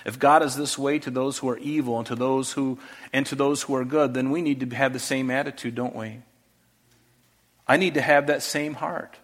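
A male pastor preaching a sermon earnestly, often dropping to a soft voice for rhetorical questions. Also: medium pitch, steady tone, normal speed.

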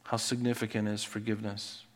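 A male pastor preaching a sermon, building to loud, emphatic scripture reading and dropping to quiet appeals. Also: on the low side, flat delivery, brisk, in a large hall.

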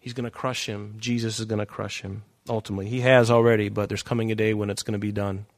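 A man's voice: fairly low pitch, level tone, quick pace. A male preacher delivering a sermon in an emphatic, repetitive way. He walks his listeners verse by verse through scripture, stressing phrases by saying them again. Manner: emphatic, repeats key phrases.

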